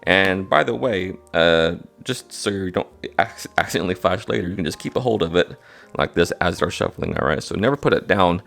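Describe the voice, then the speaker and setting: Male card-magic teacher, casual and gravelly, keeps checking in with the viewer. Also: low-pitched, animated, brisk, fairly bright tone. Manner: casual, repeats "all right?" to check in. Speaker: magic instructor. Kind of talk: card trick tutorial.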